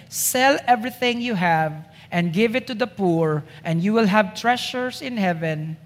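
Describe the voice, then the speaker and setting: A man's voice: high-pitched, expressive, a little slow, few pauses. A man preaching a sermon to a congregation, emphatic, driving points home with repeated rhetorical questions. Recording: long reverb of a hall.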